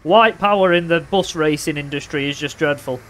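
A young man casually commentating his own racing game, playful and excitable, with loud bursts of trash talk. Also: on the high side, moderate pace. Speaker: gaming commentator.

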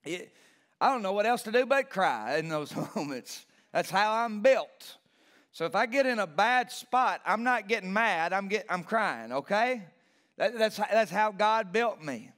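A man's voice: high-pitched, lively intonation, unhurried, fairly bright tone. A male pastor preaching a passionate sermon in a church, repeating key phrases and building emphasis. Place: church sanctuary.

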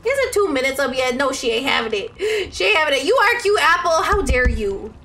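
High, bubbly young woman streamer. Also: brisk, a little hiss or hum. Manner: excitable, squealing, talks to chat. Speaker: Twitch streamer. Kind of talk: casual live gaming stream chatter.

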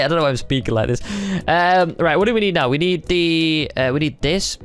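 A young man chatting excitably as he narrates a timed building game, thinking aloud in a casual commentary style. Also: on the high side, a little fast, few pauses, faint music behind. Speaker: gaming YouTuber.

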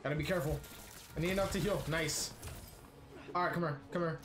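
A man giving cursing, excitable commentary while playing a game. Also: a little high, a little fast. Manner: profane, excitable reactions. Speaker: gamer streamer. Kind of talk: let's play commentary. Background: game music.

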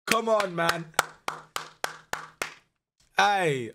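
A young man giving live commentary over a football management game, swinging from muttered dread to shouted excitement. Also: on the high side, takes it slowly, long pauses. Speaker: gaming YouTuber.

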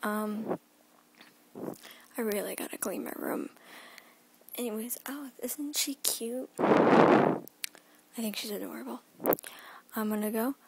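Filming herself on a phone at arm's length, a teen girl rambles through a daily bedroom vlog and keeps slipping into whispers. Her medium-pitched voice is creaky and slow, broken by frequent pauses, and the recording is very noisy.

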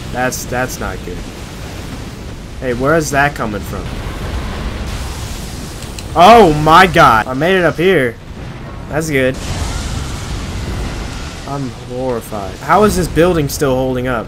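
A young man giving casual gameplay commentary, joking and exasperated as he talks to himself. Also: mid-range voice. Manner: joking, exasperated self-talk. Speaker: gaming video creator. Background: loud game music.

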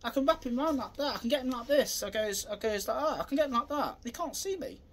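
A man's voice: very high-pitched, animated, fast, fairly bright tone. A man, a self-defence instructor, talking casually through a demonstration in a rambling, repetitive way.

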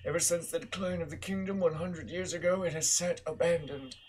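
A man reading game lines as a genteel old hermit who speaks in formal, courtly phrases and teases gently. His voice sits a little higher than an ordinary man's. A faint hiss of noise lies under it. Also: steady tone, fairly quick, lightly acted. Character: polite old male hermit, genteel and teasing. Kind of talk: gameplay commentary, reading game dialogue aloud.

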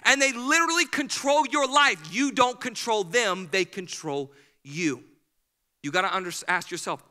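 High bright-voiced preaching pastor. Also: male voice, moderate pace. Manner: energetic, preachy, acts out quoted people. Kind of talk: sermon. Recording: hall reverb.

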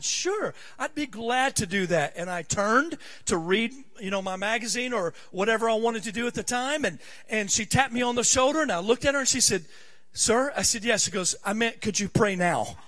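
A middle-aged male pastor with a high-pitched, fairly bright voice preaches in a church sanctuary. His sermon moves from conversational personal storytelling up into fervent preaching.

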